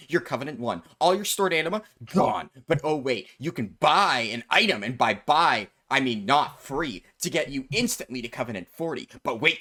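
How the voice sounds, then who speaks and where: A man's voice: fairly high pitch, a bit bright. A man hosting a gaming video, giving blunt, sarcastic commentary on forum posts.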